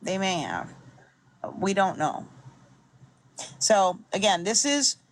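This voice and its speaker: A woman's voice: mid-range voice, big pitch swings, slow pace, a little hiss or hum. A woman giving chatty, amused commentary on a video she is playing. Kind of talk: casual commentary.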